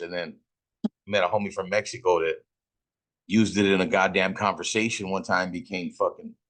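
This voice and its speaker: Low-pitched yet a bit bright, this middle-aged man hosts while smoking and spinning casual stories. He hails from Fresno, California, and he swears, brags and leans heavily on slang.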